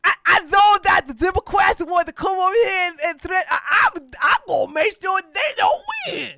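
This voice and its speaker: A woman's voice: very high-pitched, creaky, pitched above the performer's own voice, heavily acted. A woman putting on the voice of a mumbling, stammering middle-aged male politician, speaking with a lisp. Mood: boastful. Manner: loud, halting, repeats words, speaks with a lisp.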